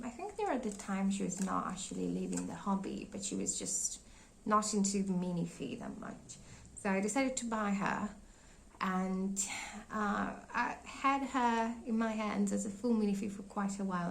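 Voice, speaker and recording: A woman's voice: medium pitch, vocal fry, a bit bright, a little hiss or hum, rough recording. A young woman losing her voice, chatting casually and rambling as she shows her collection in a vlog, often searching for names and laughing. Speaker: doll collector vlogger. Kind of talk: casual show-and-tell vlog.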